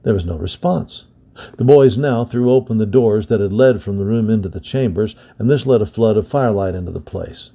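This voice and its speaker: A man reading an adventure story aloud with steady, dramatic storytelling. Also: lowish voice, brisk. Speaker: storybook reader. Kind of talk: scripted narration of an adventure story.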